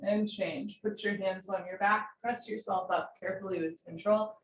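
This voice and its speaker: Yoga teacher lady, calm encouraging cues, kinda echoey home room. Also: medium pitch, moderate pace. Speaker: yoga instructor. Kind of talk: live-streamed yoga class instruction. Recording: roomy home recording.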